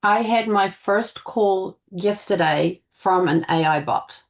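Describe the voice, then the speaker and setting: A woman's voice: mid-range voice, takes it slowly. A woman on a video call telling an anecdote animatedly, acting out both sides of a conversation. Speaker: participant. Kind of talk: casual storytelling on a video call.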